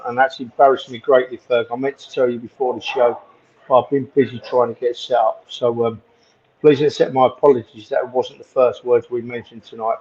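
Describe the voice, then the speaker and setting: A man's voice: medium pitch, a little mellow. A man joining a podcast remotely from a holiday bar, speaking in an enthusiastic, emphatic way and repeating phrases. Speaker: regular podcast guest. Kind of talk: casual chat. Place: holiday bar with music playing. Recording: dull lo-fi call audio with faint bar noise.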